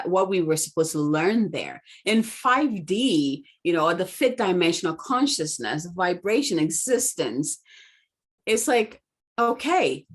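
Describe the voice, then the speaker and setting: A woman guest on a podcast interview, talking in an earnest, affirming way and often checking in with "right?". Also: on the low side. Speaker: guest, spiritual mentor.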